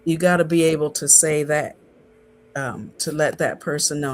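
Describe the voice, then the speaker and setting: A man working as a relationship coach, calmly explaining practical tools step by step in a podcast conversation. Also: fairly high pitch, moderate pace, a little hiss or hum. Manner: calm, instructive, lists steps.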